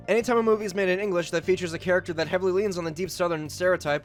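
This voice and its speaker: A man hosting a video essay, narrating a script in a brisk, emphatic way. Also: high voice.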